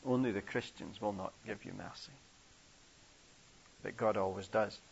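A man's voice: moderate pace, vocal fry. An older man from England preaching a storytelling sermon, acting out characters' voices inside his stories. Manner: acts out children's voices in a high pitch within stories. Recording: muffled, hissy old tape.

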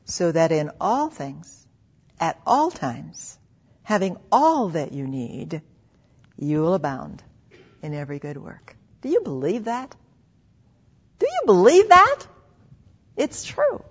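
A middle-aged woman preaching a devotional sermon, earnest and intimate, sometimes dropping to a soft hush. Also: sits low, very animated, slow pace, breathy edge. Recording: slightly dull lo-fi recording.

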